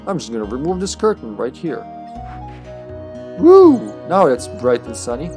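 A man's voice: medium pitch, huge pitch swings, measured pace, a little mellow, faint music behind. A man streaming a video game, chatting casually and jokingly as he plays. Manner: playful, joking, reads in-game lines aloud. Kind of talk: casual gameplay commentary.

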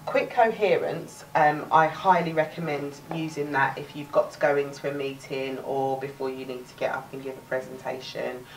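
A woman's voice: extremely low pitch, steady tone, moderate pace, hardly any pauses, distant mic, slight background noise, rough recording. A woman with a Cockney accent teaching a live workshop, chatty, restarting words and laughing often. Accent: London Cockney. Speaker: workshop presenter.

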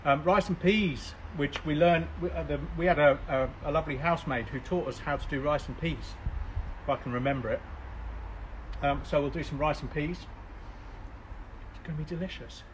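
A man talks through a live cook in a loose, chatty way, trailing off into ums as he goes. His voice sits a touch high for a man. A faint hiss runs under the recording. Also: normal speed, rough recording. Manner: chatty, rambling, many ums. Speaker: cooking show host. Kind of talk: casual live cooking chat. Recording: faint background noise.

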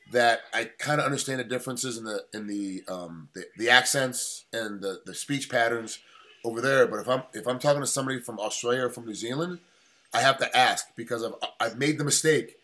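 American guy, interviewer, talks fast, rambles on. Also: mid-range voice, fairly bright tone. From United States. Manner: rambling, talkative questions. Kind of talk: casual interview.

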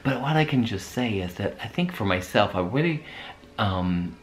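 A man's voice: fairly low pitch, animated, normal speed, a little hiss or hum. A man giving a reflective spiritual talk, rambling and searching for words with many restarts. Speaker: host. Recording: echoey room.

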